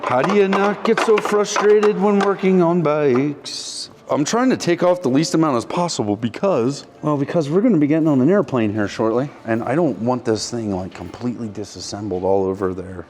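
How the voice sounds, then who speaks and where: This mechanic and channel host speaks in a mid-range, darkish voice at a moderate pace, barely pausing, with slight background noise. Indoors at the company workshop, he banters with his cameraman while taking an engine apart and walking through his checks in a laid-back vlog.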